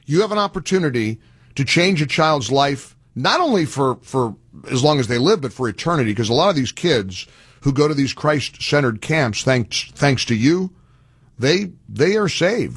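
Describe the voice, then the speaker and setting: Earnest, husky-voiced male radio host. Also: medium pitch, expressive, moderate pace, dry recording, clean studio sound. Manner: earnest and pleading, with frequent restarts. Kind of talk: talk radio appeal and sponsor chat.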